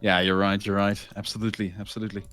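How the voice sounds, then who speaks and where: A man casting a tournament match live in casual commentary, excitable, laughing often and reading chat aloud. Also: on the low side, racing. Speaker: esports caster.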